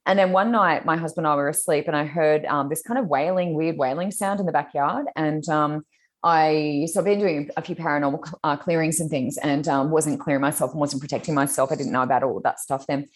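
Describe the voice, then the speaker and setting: A woman telling a spooky personal story in casual chat, animated and laughing as she goes. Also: low voice, fairly quick. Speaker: guest, spiritual teacher.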